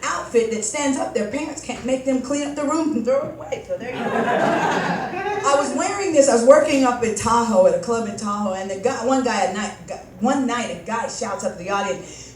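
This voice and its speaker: A woman's voice: on the high side, expressive, normal speed. A woman comic doing a stand-up set on stage, telling rambling, self-mocking stories and acting out the dialogue. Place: comedy club stage before a live audience. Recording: echoey room, mic some distance off, audience noise.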